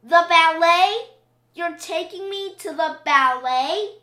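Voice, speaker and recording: A spirited little girl pig from a storybook, as a woman reads her, sly and sure of herself. The voice is high, bright and bouncy. It sits in a roomy, echoing space. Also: sing-song, slow, full character voice. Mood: excited, sly. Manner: bright, sly and self-assured. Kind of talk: storybook reading. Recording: roomy echo.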